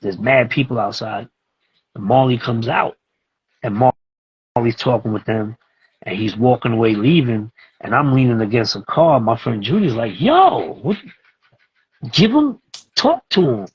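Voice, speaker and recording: A man's voice: medium pitch, moderate pace, slightly rough, dull audio. A man, telling a story casually as a guest and acting out the voices of the people in it. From East New York, Brooklyn. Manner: animated, acts out voices in his stories.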